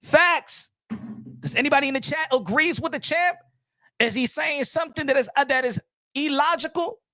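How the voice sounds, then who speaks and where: A man's voice: extremely high pitch, moderate pace, bright, forceful tone, dry recording. Emphatic boxing commentator man, dry sound. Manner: emphatic, repetitive, asks the chat and answers himself. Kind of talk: animated solo commentary to viewers.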